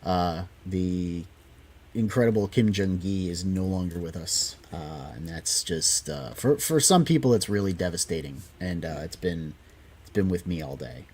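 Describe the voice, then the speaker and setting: A man's voice: low voice, expressive, moderate pace, a little mellow. A man hosting a live stream, asking the guest questions in a friendly, casual way. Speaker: host.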